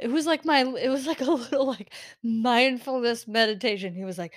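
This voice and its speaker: A woman's voice: a little high, normal speed, no room sound, clean studio sound. Earnest woman telling a personal story. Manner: earnest, emotional, animated retelling with laughs. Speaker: podcast host.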